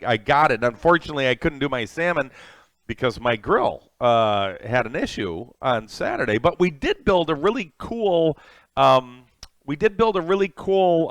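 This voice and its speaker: A man's voice: fairly high pitch, fairly bright tone, no room sound. A man hosting a live cooking stream, chatting casually and rambling with many fillers as he greets viewers. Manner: reads viewer names from chat and thanks them. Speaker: cooking livestream host.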